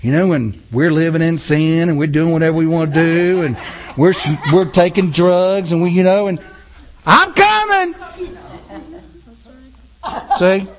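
A man's voice: fairly high pitch, moderate pace. A man preaching a sermon in church, acting out scenes with a volunteer from the congregation. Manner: animated, acts out scenes with a volunteer. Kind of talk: sermon with audience interaction.

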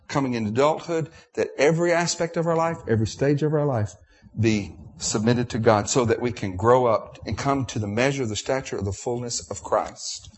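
A middle-aged man preaching a sermon, emotional and repetitive, with restarts. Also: medium pitch.

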